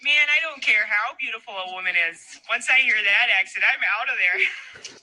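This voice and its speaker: A woman's voice: fairly high pitch, lively intonation, moderate pace, pushed and bright. A woman doing an exaggerated Northern Midwest accent in a comedic social media clip, played back from a distance. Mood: scornful. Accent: Northern Midwest US (put on).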